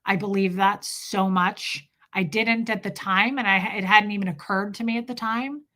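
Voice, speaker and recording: A woman in her thirties telling an emotional personal story about her family, speaking haltingly with restarts. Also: medium pitch, steady tone, sharp tone. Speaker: vlogger.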